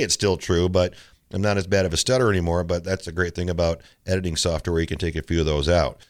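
A middle-aged man hosting a tennis coaching podcast, talking casually and telling stories with mimicked quotes. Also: deep voice. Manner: relaxed storytelling with mimicked quotes. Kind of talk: casual solo podcast talk.

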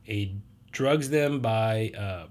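Speaking extremely slowly in a fairly low, darkish voice, a man on a podcast recounts a movie's plot. He rambles casually, piling on fillers and restarts and performing the quotes.

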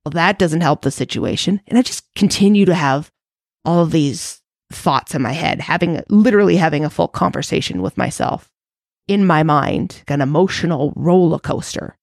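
A woman's voice: sits low, normal speed, creaky, darkish tone, no room sound, clean studio sound. A woman hosting her own podcast, telling a personal story in a candid, reflective way. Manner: candid, reflective, self-searching. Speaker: podcast host.

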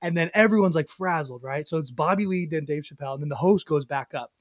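A young man, a podcast co-host and comedian, telling a story in a casual, animated way, full of fillers and acted-out quotes. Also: on the high side, fast, no echo, studio quality. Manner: animated, filler-heavy, acts out quoted voices.

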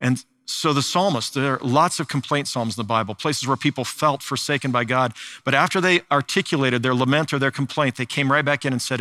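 Older man, pastor preaching, bright forceful tone, earnest, slows on key lines. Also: medium pitch. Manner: earnest preaching with slow, weighted phrases and restarts. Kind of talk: sermon.

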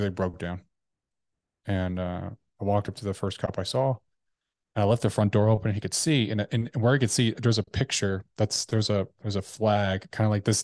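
A man telling a personal story as a podcast guest, earnest and halting, with frequent restarts and fillers. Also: on the low side, a little mellow, dry recording, studio quality.

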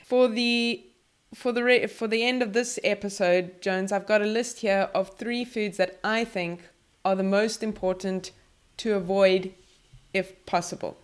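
A woman's voice: medium pitch, steady tone, unhurried, smooth. A woman hosting a casual podcast chat, enthusiastic and prone to repeating words and restarting. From South Africa. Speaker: podcast host.

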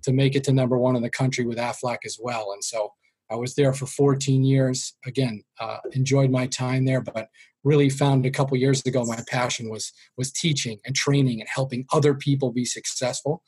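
A middle-aged man with a Boston accent tells stories as an interview guest. His voice is husky and rough around the edges. He jokes at his own expense and lowers his voice when he quotes his parents. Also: fairly even intonation, fairly quick, a little mellow. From Boston area. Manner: self-deprecating, jokey, drops voice for quoted parents. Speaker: sales trainer, guest. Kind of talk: storytelling interview.

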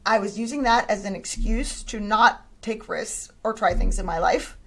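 A woman in her forties, a homeschooling mom, telling personal stories in a casual talk and acting out the people she quotes. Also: moderate pace. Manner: animated, acts out quoted voices with big pitch jumps.

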